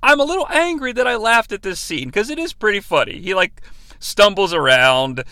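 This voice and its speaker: Brief: young man, podcast host, sarcastic and profane, high animated voice, dry close mic. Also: normal speed, dry recording. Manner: sarcastic and profane, acts out quotes from scenes. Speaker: podcast host reviewing movies. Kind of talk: casual comedic movie review.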